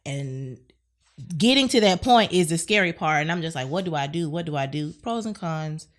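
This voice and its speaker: A woman in her thirties with a fairly low voice, chatting freely as a podcast guest. She talks in an animated way and voices her own inner thoughts as she goes. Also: moderate pace. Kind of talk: casual chat.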